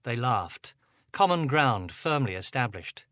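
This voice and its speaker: A man narrating an audiobook, expressive and giving each character a voice. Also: mid-range voice, moderate pace, no room sound, studio quality.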